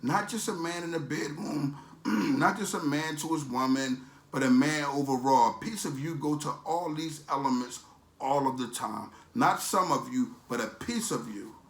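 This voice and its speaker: A man's voice: on the high side, normal speed, reverberant. A man ranting in a preachy, motivational way as a vlogger, with emphatic, streetwise, repetitive phrasing. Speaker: vlogger promoting a supplement.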